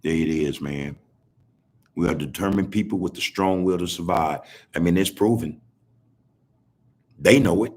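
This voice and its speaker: A man's voice: deep voice, moderate pace, long pauses, darkish tone. A man hosting a podcast on a video call, talking in a preachy, rambling, drawling way. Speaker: podcast host. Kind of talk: casual commentary.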